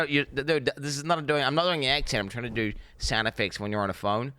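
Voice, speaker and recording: A man's voice: mid-range voice, a little fast, bright, forceful tone, a little hiss or hum. A man, streaming and giving blunt, rambling reaction commentary, swearing freely.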